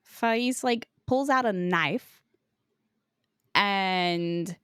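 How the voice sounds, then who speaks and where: A woman's voice: medium pitch, drawn-out words, fairly bright tone, clean tone, no room sound, clean studio sound. A woman co-hosting a casual book podcast, loosely retelling a plot with frequent "like" fillers and casual swearing. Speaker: podcast co-host.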